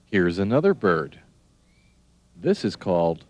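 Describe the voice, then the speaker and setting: A man doing scripted narration for young children, speaking in a slow, sing-song, encouraging way and spelling words out letter by letter. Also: low voice, big pitch swings, no echo.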